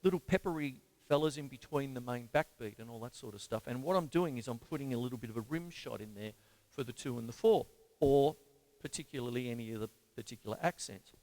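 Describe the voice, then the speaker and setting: A man's voice: medium pitch, quick pace, a little mellow. A man from Australia teaching drums on a live stream, chatting casually and counting beats aloud while he plays. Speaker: drum teacher. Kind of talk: live-streamed drum lesson. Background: drum kit playing.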